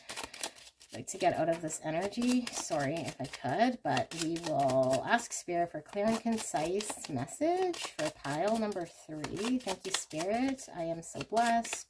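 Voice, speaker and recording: Woman card reader, lower register, casual candid chat, faint noise behind. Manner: candid, chatty, thinks aloud with frequent "like" and "um". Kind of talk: casual pick-a-card reading.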